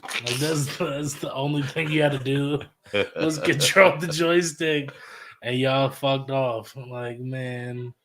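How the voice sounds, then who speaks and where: Guy in his 30s on a podcast, normal pitch, swearing and joking through a story. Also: steady tone, unhurried, fairly bright tone, slight background noise. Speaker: podcast co-host. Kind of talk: casual chat.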